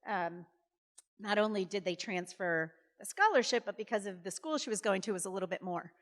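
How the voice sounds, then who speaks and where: A woman in her fifties, a former governor, telling stories in a chatty, animated way on stage, full of fillers and acted-out quotes. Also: medium pitch, brisk. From Massachusetts. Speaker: guest speaker, former governor. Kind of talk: conversational storytelling on stage. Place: college event hall. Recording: reverberant hall.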